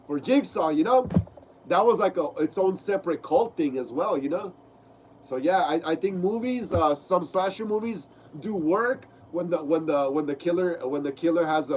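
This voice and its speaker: Stuffy-nosed young man, high voice. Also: slight background noise. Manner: casual, reads chat messages aloud, says bro a lot. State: stuffy nose from a cold. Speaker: live stream host. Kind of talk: casual live stream chat. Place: home room.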